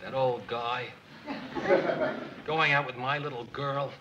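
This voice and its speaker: An actor playing a grumbling, protective middle-aged coworker in a sitcom. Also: male voice, mid-range voice, steady tone, takes it slowly, muffled recording, lightly acted. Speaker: newsroom coworker. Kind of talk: sitcom acting. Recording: noisy old TV soundtrack.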